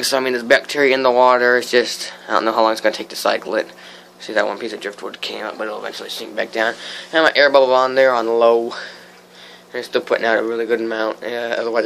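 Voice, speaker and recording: A man's voice: mid-range voice, a bit bright, slight background noise, low-quality recording. A teenage boy giving a rambling, casual walkthrough of his fish tanks at home, full of fillers and restarts.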